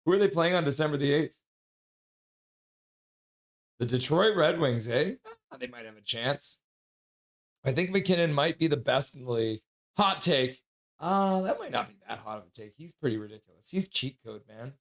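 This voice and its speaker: A young man hosting a live stream, casually chatting and reading viewer comments aloud with quick asides. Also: on the high side, expressive. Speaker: livestream host reading chat. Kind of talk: casual live reaction chat.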